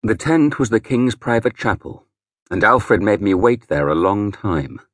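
Brief: male narrator, low husky voice with wide, lively pitch, dry close sound. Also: unhurried, no echo. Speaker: audiobook narrator. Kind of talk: scripted first-person narration.

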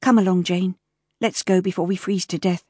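A woman voicing a kind, sensible young working woman in an audiobook, gentle and earnest. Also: lowish voice, fairly even intonation, normal speed, slightly rough, no echo, clean studio sound. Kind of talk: audiobook character voice.

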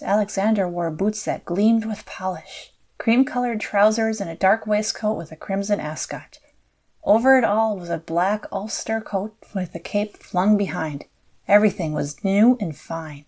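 Measured woman audiobook narrator. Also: medium pitch, darkish tone. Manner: measured storytelling. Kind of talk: scripted narration.

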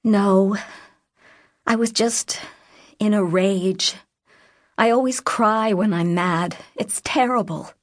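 A woman voicing a tall teenage American girl who is quick to tears, breathless and pleading. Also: medium pitch, natural voice. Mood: earnest.

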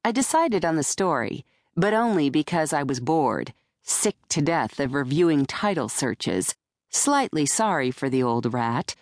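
A woman's voice: low-pitched, very animated, a little slow, no room sound. A woman narrating an audiobook in the first person, telling the story in a dry, wry manner. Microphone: close studio mic.

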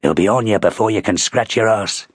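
A man's voice: lowish voice, fairly quick, breathy edge, no echo, studio quality. A man growling as a scornful old army sergeant. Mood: gruff. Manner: growling, blunt and coarse. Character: gruff veteran male army sergeant, scornful.

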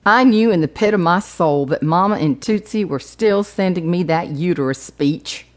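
A woman's voice: lowish voice, moderate pace. A woman narrating her own memoir audiobook, humorous with playful emphasis.

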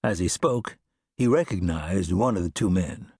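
A man narrating a western audiobook with expressive storytelling. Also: deep voice, normal speed, husky, no echo, studio quality. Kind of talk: scripted narration.

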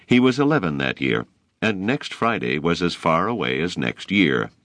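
A man narrating a novel as an audiobook reader, telling the story in an expressive, unhurried way. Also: low voice, no room sound. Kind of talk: scripted narration.

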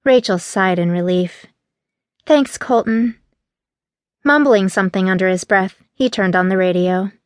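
A woman reading a novel aloud as an audiobook narrator, steady and even. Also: mid-range voice, normal speed, few pauses, dry recording, clean studio sound. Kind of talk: scripted narration.

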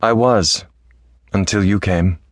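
A male narrator voicing a proud, tearful captive noblewoman, soft and wavering yet defiant. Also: sits low, slow pace, no echo, clean studio sound. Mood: bitter.

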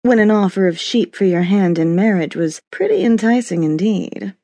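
A woman narrator voicing a sultry, teasing middle-aged woman friend in an audiobook, speaking low and slow. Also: lively intonation, dark tone, no echo. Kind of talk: audiobook character voice.

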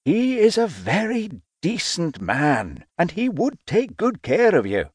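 A woman voicing a stern, unbending aristocratic father in an audiobook, slow and commanding. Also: fairly low pitch, wildly swooping pitch, darkish tone, breathy edge, no echo, voice pushed down, exaggerated voice. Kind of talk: audiobook character voice.

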